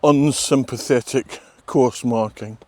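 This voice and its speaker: A man's voice: medium pitch, steady tone, slow pace, a little mellow, no echo. An older Scottish man, a race sweeper, chatting casually and wryly to camera while cycling a coastal trail outdoors. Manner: chatty, wry and self-mocking. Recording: faint outdoor noise.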